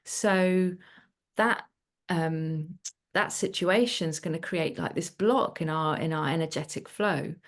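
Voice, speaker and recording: A woman's voice: low voice, takes it slowly. A woman coach hosting a webinar, explaining in a loose, conversational way with many fillers and restarts.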